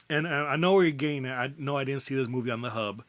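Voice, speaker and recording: A podcast co-host chats casually, rambling with lots of fillers and restarts and swearing freely. His medium-pitched voice is fairly quick and fairly bright.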